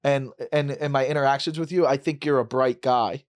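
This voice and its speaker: A man hosting a podcast, chatting casually and telling stories in quick bursts full of fillers. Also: medium pitch. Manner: animated, quick storytelling with fillers. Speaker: podcast host. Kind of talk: casual chat.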